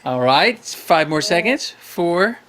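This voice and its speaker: A man's voice: a little high, sing-song, takes it slowly, noisy background. A man hosting a live call-in show, coaching young callers in a playful, upbeat way, asking questions and running little games.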